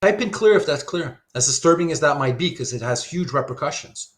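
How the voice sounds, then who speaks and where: A man's voice: fairly high pitch, lively intonation, brisk. A man giving a live online philosophy lecture, thinking aloud with lots of rhetorical questions while he sketches diagrams.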